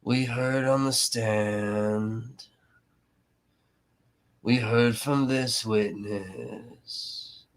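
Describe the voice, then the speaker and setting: A man putting on a slow, drawling impression of a smug male defense lawyer addressing a jury. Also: mid-range voice, fairly even intonation.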